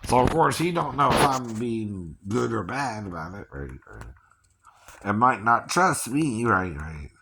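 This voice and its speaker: A man's voice: on the low side, sing-song, measured pace, bright, forceful tone, slight background noise. A man from Georgia talking in a rambling casual monologue, chuckling often and tagging "right, right" onto his points.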